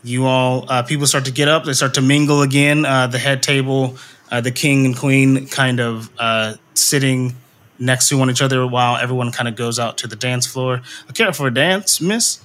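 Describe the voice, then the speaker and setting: A man's voice: mid-range voice, level tone, moderate pace, a bit bright, slight background noise. A man narrating a tabletop game as game master in a casual, filler-heavy way.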